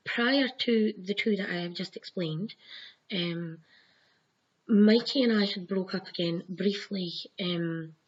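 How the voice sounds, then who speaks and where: A woman's voice: fairly low pitch, slightly rough. A young woman, a mother, casually telling her own dream stories in a rambling way, swearing freely and acting out what she said. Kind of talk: casual storytelling to camera. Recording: dull lo-fi home recording.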